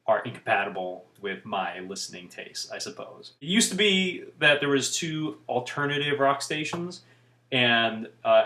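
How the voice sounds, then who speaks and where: Guy rambling casually at his camera, wry little asides, middle pitch, roomy echo. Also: bright, forceful tone. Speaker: vlogger.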